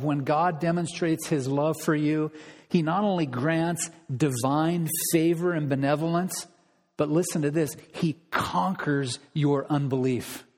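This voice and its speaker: Emphatic preacher in a reverberant hall. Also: male voice, a little high, darkish tone. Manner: rhetorical questions, emphatic repetition. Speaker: pastor. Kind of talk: sermon.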